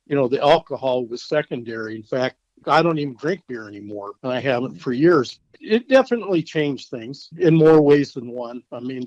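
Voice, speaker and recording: A middle-aged man talks in a plain, hesitant way, full of "you know" and small restarts. His pitch is mid-range. The sound is dry and somewhat dull, with no echo. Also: a little mellow. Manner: plain-spoken and hesitant, with many fillers. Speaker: guest, the husband. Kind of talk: candid interview answers.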